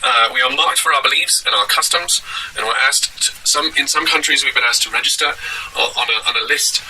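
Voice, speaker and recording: A man delivering a deadpan satirical monologue at home, rambling and halting with many fillers. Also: mid-range voice, far from the mic, a little hiss or hum, rough recording. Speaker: comedic vlogger in character.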